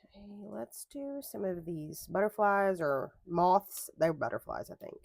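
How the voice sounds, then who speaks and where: A woman's voice: fairly low pitch, lively intonation, measured pace, gravelly, dry recording. A young adult woman chatting casually at a home craft desk, rambling into tangents and correcting herself as she goes. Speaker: planner vlogger. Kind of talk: casual chat while crafting.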